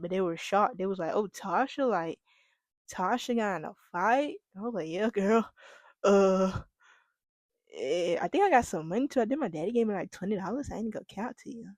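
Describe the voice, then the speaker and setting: Young female podcast host, animated storyteller, dry close mic. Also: medium pitch, brisk, no echo. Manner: animated, laughing, addresses listeners as y'all. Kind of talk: casual storytelling monologue.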